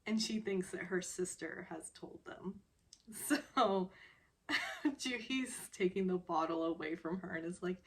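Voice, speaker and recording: A woman's voice: mid-range voice, measured pace. A woman casually recapping a television drama episode, rambling with many fillers and often breaking into laughter.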